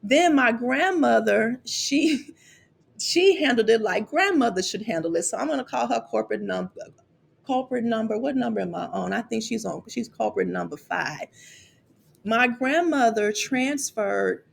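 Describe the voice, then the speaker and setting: Her voice is a little high and expressive, slightly slow, with vocal fry. This middle-aged woman from Chicago, a college financial aid vlogger, speaks to camera candidly about her college years, turning emotional and repeating words along the way.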